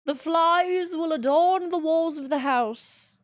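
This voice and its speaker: A woman's voice: takes it slowly, no room sound, studio quality. A woman voicing a grandiose prophet who foretells plagues in a solemn, scriptural way. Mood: mock solemn. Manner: booming, solemn, old-fashioned scriptural phrasing.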